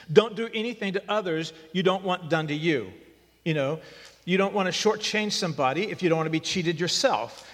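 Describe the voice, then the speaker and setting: A man's voice: fairly high pitch, fairly bright tone. A man preaching a sermon as pastor, conversational and then emphatic with repeated short lines. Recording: long reverb of a hall.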